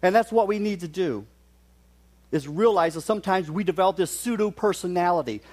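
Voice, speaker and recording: A man's voice: sits high, a little fast, darkish tone. A middle-aged man from West Virginia, preaching a sermon in a folksy, storytelling manner with touches of humor.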